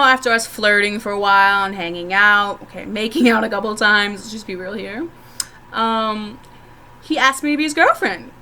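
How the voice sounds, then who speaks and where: A young woman tells candid stories straight to her viewers in a bright, forceful voice. She is frank and profane and laughs often as she talks. A faint hum of room ambience sits under her voice. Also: mid-range voice. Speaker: vlogger. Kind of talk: candid storytelling to camera.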